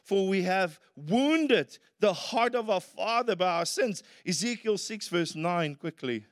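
High-voiced South African pastor preaching. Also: male voice, lively intonation, a little slow. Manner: earnest, rises to emphatic peaks. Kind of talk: sermon. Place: church hall. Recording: reverberant church hall.

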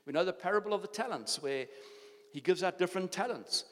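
An older South African pastor delivers a sermon to his congregation, driving his point home with repeated phrases and frequent restarts. His voice is somewhat high for a man, a bit bright, and expressive, moving at a quick pace. Each phrase trails off into the long reverb of the church hall.

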